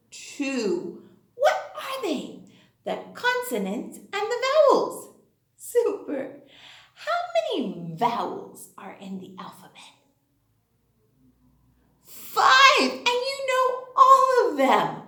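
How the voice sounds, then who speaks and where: A high, very lively woman's voice takes a young class through its lesson at a very slow pace, in sing-song phrases with every sound spelled out. She prompts and praises like a kindergarten teacher. The room around her is noticeably echoey. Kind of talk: online class for young children.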